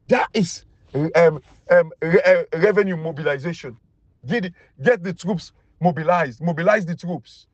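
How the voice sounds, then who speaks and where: With no echo on the recording, this Sierra Leonean commentator delivers a mocking political rant in Krio-accented English. He is emphatic throughout, and his voice leaps upward each time disbelief takes over.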